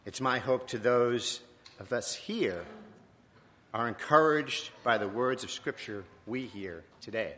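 Man preaching with bright, animated delivery. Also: mid-range voice, a little hiss or hum. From Virginia, USA. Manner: reflective and conversational, with pauses and self-corrections. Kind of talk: sermon. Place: church. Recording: long echoing church reverb.

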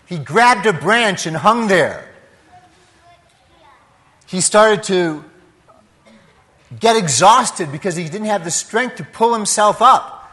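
A priest preaches with a fairly high voice, taking his time and pausing between short, emphatic phrases. His words ring out with the long reverb of a large church. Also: animated, bright, forceful tone, breathy edge. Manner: slow, deliberate delivery in short emphatic phrases. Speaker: priest giving a homily. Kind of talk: sermon.

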